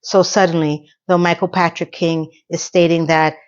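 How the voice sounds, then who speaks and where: A middle-aged woman talks through a TV episode in a loose, chatty recap, her voice jumping up in pitch when something moves her. The sound is a little dull and muffled. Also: level tone. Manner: chatty and emotional, with quick rises in pitch. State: tearful. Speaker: TV recap vlogger. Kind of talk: casual solo recap.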